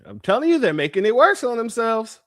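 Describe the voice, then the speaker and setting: A man's voice: extremely high pitch, very animated, a little fast, a bit bright. A man hosting a livestream commentary, talking emphatically to his chat, calling them family and repeating phrases for effect. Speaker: livestream host.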